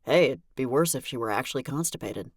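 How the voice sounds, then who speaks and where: A woman voicing a charming, easygoing male police chief who speaks smoothly and understated. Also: extremely low pitch, animated, fast talker, dry recording, clean studio sound, exaggerated voice.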